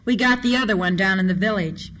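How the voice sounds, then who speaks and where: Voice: medium pitch, quick pace, a bit bright, lightly acted. A storyteller voicing a big-voiced sheriff who talks in a hearty, folksy way.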